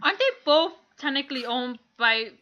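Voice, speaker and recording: Giggly co-host, a woman with a high, sharp voice on a dull lo-fi mic. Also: a little fast. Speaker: podcast co-host. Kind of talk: casual chat.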